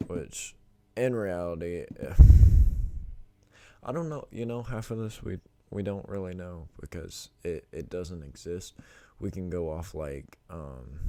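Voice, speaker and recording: A man's voice: low voice, dark tone, dry recording. A young man hosting a reaction video, talking in a rambling, informal way and correcting himself as he goes. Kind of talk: casual reaction commentary.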